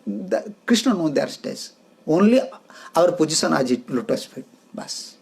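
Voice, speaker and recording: High-voiced man giving an emphatic sermon. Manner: emphatic, repeats short phrases, simple English grammar. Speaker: spiritual teacher. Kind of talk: devotional lecture.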